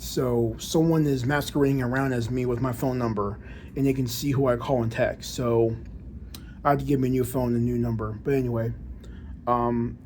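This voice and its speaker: A man's voice: mid-range voice, darkish tone, a little hiss or hum. A man talking casually to camera in a monologue, with proper, careful diction and frequent restarts and repeated words. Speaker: vlogger.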